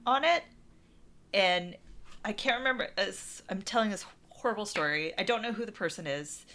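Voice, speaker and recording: Bright-voiced American woman on a podcast. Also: mid-range voice, animated, moderate pace, slight background noise. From USA. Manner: playful, teasing. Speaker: podcast co-host. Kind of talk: casual chat.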